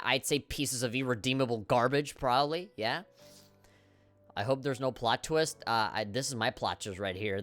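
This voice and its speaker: A man streaming a game live, reacting in an excitable, profane way and reading the on-screen dialogue aloud. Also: mid-range voice. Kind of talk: casual live gameplay commentary.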